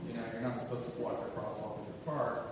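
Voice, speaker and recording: A man's voice: mid-range voice, flat delivery, fast talker. A man doing a stand-up comedy set on a theater stage, self-deprecating, acting out the people in his stories. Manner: self-deprecating, acts out shouted quotes. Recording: roomy hall from a distance, noisy. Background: audience laughter.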